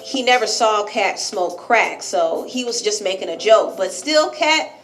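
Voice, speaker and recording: A woman's voice: medium pitch, expressive, measured pace, fairly bright tone, soft background music. A woman host recapping celebrity gossip in a chatty, upbeat way.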